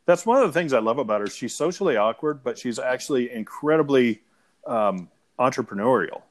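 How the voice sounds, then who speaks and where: A man's voice: medium pitch, a little fast. A middle-aged man co-hosting a podcast, chatting casually about a film and quoting its lines. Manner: relaxed storyteller, quotes film lines. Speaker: podcast co-host. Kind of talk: casual movie chat.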